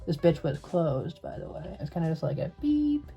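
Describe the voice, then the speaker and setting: A man's voice: fairly high pitch, big pitch swings, moderate pace, creaky, highs cut off, music in the background. A young man in drag telling a spooky story to camera in a sassy, profane, dramatic way.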